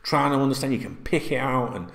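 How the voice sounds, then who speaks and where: A man's voice: mid-range voice, fast, creaky, fairly bright tone, roomy sound. An English man telling a rambling story to his viewers, swearing freely and calling them guys. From England. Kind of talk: casual storytelling to camera.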